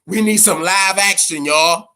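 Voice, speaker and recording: A man's voice: sits high, measured pace, sharp tone. A man hosting a casual live-stream chat, swearing freely, repeating himself for emphasis and talking straight to his viewers. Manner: profane and rambling, addresses viewers directly.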